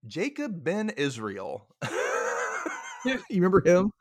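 A young man from Mississippi hosts a podcast, recapping a show in casual chat. His voice is a little high, and he takes it slowly with long pauses, with no echo. He's animated, laughs often, and acts out the characters.

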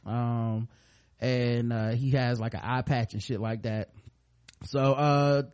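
A man's voice: medium pitch, fairly even intonation, slow pace, darkish tone, clear, resonant tone. A man hosting a podcast, recapping a show in loose, profane, storytelling chat. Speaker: podcast host.

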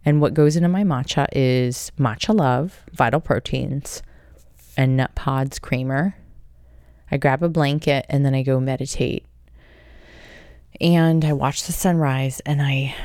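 A woman hosting a casual solo podcast, answering listener questions in a blunt, upbeat way and swearing freely. She talks at an unhurried pace in a smooth, clean voice. The sound is dry and close. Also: extremely low pitch, darkish tone, dry recording. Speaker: podcast host.

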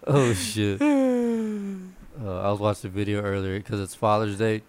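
A man's voice: fairly low pitch, animated, a little slow, a little mellow. A young man in casual chat, rambling loosely through stories and half-remembered details.

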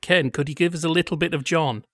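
A man's voice: a little high, fairly even intonation, quick pace, a bit bright, no room sound, clean studio sound. A man hosting a casual discussion, wry and analytical as he leads the talk. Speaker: podcast host.

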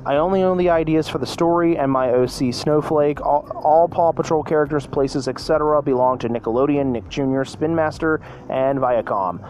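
A man's voice: on the high side, moderate pace, hardly any pauses, darkish tone, slight background noise. Stumbling man reading a story. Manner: stumbling, self-correcting, hesitant. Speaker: podcast host. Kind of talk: casual reading of a fan story.

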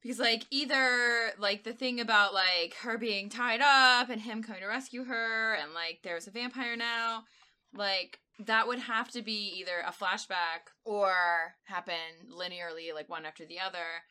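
A woman co-hosting a podcast in casual chat, rambling with lots of fillers and quick laughs. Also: mid-range voice, sharp tone, smooth. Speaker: podcast co-host.

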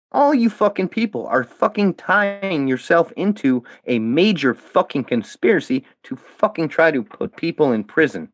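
A man's voice: on the high side, very animated, normal speed, no room sound. A man speaking as a podcast guest, delivering a heated, profanity-laced rant aimed at his critics. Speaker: guest, former fan of a comedian. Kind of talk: angry monologue addressed at critics.

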